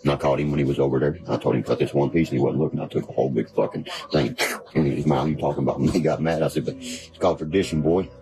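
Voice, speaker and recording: Very deep-voiced man ranting profanely. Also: steady tone, fast talker. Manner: profane, rambling, keeps asking "you see what I mean". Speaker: livestreamer. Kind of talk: casual livestream rant. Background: background music.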